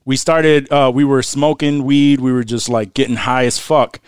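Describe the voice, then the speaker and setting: A man's voice: mid-range voice, flat delivery, normal speed, clear, resonant tone, no echo, clean studio sound. A young man hosting a podcast, telling stories in a casual chat, laughing often and swearing freely. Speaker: podcast host.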